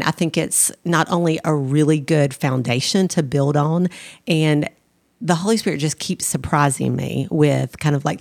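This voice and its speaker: A woman with a low voice hosts a faith podcast, speaking earnestly about God and living well. Her voice is close and dry, with no room sound. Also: gravelly, no room sound. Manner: earnest, warm about faith, talks of the Holy Spirit. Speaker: podcast co-host. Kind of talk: casual faith podcast chat.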